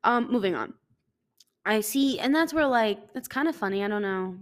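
A woman's voice: on the high side, expressive, moderate pace. A young adult woman hosting a casual solo podcast, rambling and self-deprecating, swearing offhandedly as she chats. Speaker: podcast host. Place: living in a hot city.

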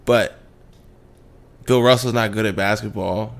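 A man's voice: lowish voice, steady tone, measured pace, vocal fry. A man in his twenties co-hosting a podcast, bantering in a laid-back, joking way with frequent restarts. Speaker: podcast co-host. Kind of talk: casual chat. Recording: roomy echo with faint background ambience.

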